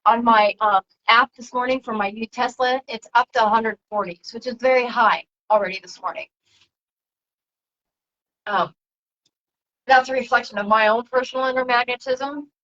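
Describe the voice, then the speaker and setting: Soft-spoken woman channeling on a livestream. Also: a little high, steady tone, normal speed, pauses often, lo-fi sound. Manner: soft, reflective, drifting between topics. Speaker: spiritual channeler broadcasting to viewers. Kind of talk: casual spiritual livestream talk.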